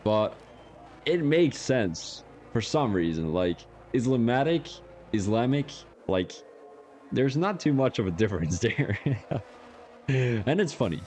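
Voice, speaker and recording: A man's voice: on the low side, very animated, slow, darkish tone, slight background noise. Young man commentating a sim race. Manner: casual, joking, chats with viewers while commentating. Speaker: sim racing stream commentator. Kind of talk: live stream commentary.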